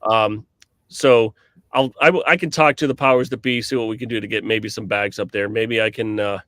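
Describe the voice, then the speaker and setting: A man co-hosting a casual cornhole podcast, telling lively stories with lots of fillers and restarts. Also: on the low side, a little fast, no room sound, clean studio sound. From New England, US. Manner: animated storyteller with frequent fillers and restarts. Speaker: cornhole podcast co-host and commentator.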